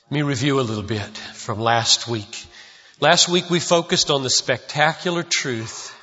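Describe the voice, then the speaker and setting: A man's voice: mid-range voice, normal speed, sharp tone, breathy edge. A man preaching a sermon in a church sanctuary, emphatic and repeating key lines for stress. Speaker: pastor. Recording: dull lo-fi recording with long hall reverb.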